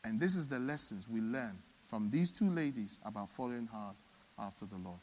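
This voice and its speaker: A man preaching a sermon, swinging between loud emphatic peaks and soft low asides. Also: lively intonation, normal speed, a little hiss or hum. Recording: long hall reverb.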